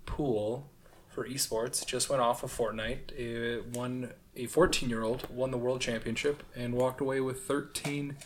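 A man's voice: mid-range voice, fairly even intonation, a little slow, a little hiss or hum. A young man co-hosting a podcast in casual chat, joking and rambling. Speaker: podcast co-host.

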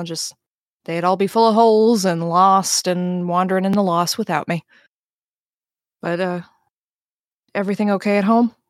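A woman's voice: fairly low pitch, no room sound, clean studio sound, close to an everyday voice. A woman voicing a seasoned adult scavenger who is cocky but protective, reassuring family on a call and brushing off worry.

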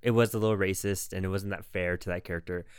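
A man's voice: deep voice, fairly even intonation, quick pace, clear, resonant tone, dry recording, clean studio sound. A man co-hosting a podcast in a casual chat, rambling with lots of fillers. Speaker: podcast co-host.

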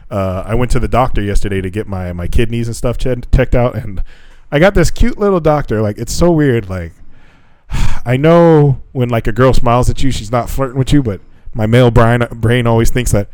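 A man co-hosting a casual podcast about gym results, swearing and laughing often and mimicking other people in high voices. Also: moderate pace, darkish tone, no echo, low-quality recording. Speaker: podcast co-host. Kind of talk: casual chat.

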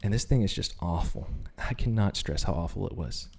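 A man's voice: sits low, lively intonation, a little fast, vocal fry, a little mellow, breathy edge. A man sharing his personal faith testimony on a podcast, telling it as an earnest story. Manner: earnest storyteller, acts out quoted voices. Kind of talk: personal testimony, casual chat.

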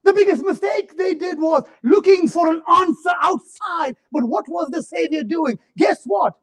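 A man preaching a sermon, swinging between fervent shouts and low, drawn-out murmurs.

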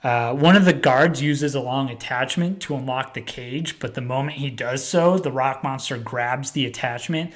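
A man recounts a plot in a loose, easygoing chat, his pitch sitting in an ordinary middle range. He rambles with fillers and quick asides, acting out lines here and there as he goes. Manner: rambling, filler-heavy storytelling with acted-out quotes. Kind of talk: casual chat.

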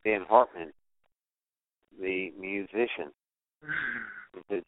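This older male musician, appearing as a guest, speaks in a mid-range, unhurried voice while telling anecdotes in an informal interview. He brings the people in his stories to life with lively impressions, over dry, tinny audio.

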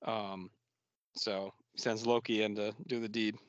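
A man's voice: on the low side, little pitch movement, unhurried, no room sound, lo-fi sound. A man co-hosting a podcast, recapping a movie's plot with enthusiasm and jokes. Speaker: podcast co-host. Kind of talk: casual movie discussion.

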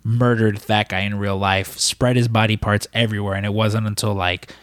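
Low-voiced man recapping a film casually. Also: flat delivery, normal speed, a bit bright, no room sound. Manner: rambling, profane, lots of fillers. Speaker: podcast co-host.

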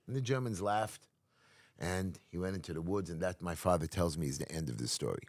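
Male New community activist, interview guest; low-pitched, emphatic storyteller, dry recording. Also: fairly quick, no room sound. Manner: emphatic, acts out quotes, restarts often.

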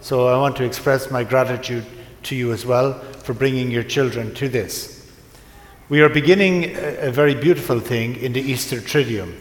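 A priest preaching to his congregation, telling a story in a gentle, unhurried way with pauses. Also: mid-range voice. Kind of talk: sermon. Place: large church. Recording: echoey church from a distance.

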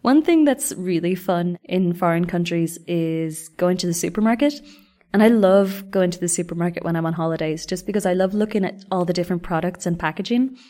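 A woman's voice: lowish voice, a little fast, mellow. A young woman telling travel stories in a chatty, self-deprecating way. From Ireland. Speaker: vlogger. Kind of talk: scripted travel storytelling.

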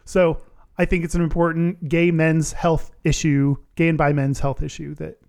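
A man co-hosting a casual podcast, playful and quick to laugh. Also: on the high side, flat delivery, creaky, a little mellow, smooth. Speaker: podcast co-host.

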